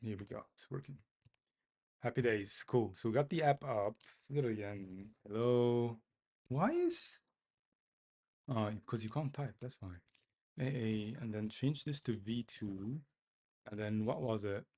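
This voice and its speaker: A man's voice: lowish voice, measured pace, mellow. A man talking to himself as he codes, muttering and repeating phrases in a self-mocking way. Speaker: developer streaming his coding. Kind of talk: casual live-coding commentary.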